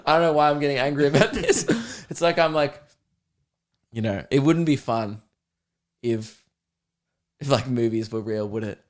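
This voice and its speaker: A man's voice: a little high, moderate pace, pauses often. A young man hosting a comedy podcast, ranting with self-mocking humor and lots of swearing. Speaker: podcast host. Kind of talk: casual comedic rant.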